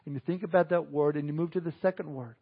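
A man's voice: on the high side, fairly even intonation, fast, creaky, slightly rough, lo-fi sound. A man preaching a conversational sermon, chuckling and adding asides to the congregation. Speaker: pastor.

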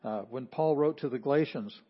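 A pastor preaching a sermon, explaining patiently and repeating phrases for emphasis. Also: male voice, medium pitch, a little fast, husky. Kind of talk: sermon teaching. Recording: slightly dull lo-fi audio.

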